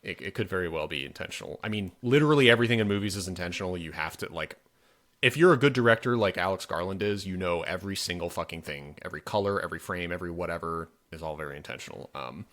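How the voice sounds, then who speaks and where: Man, lower voice, podcast co-host, casual film talk, profane, emphatic. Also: lively intonation, quick pace, a bit bright. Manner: profane, retelling scenes with emphatic swearing. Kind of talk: casual film review chat.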